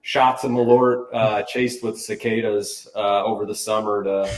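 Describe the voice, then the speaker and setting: Low-voiced man on a roomy, distant mic. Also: fairly even intonation, measured pace, slight background noise. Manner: rambling, restarts often, upbeat. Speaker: podcast guest, brand manager. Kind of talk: casual interview chat.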